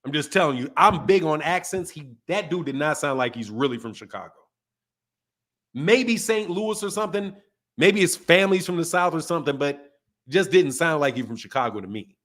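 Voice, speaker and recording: Animated, high-voiced ranting man. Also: normal speed. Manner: animated, emphatic, swears a lot. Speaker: boxing channel host. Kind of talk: casual profane podcast rant.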